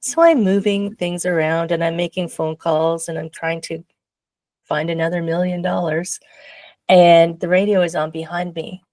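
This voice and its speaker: A woman guest telling a personal story in a casual interview, animated and laughing often, acting out her own past voice. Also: fairly low pitch, moderate pace, no echo.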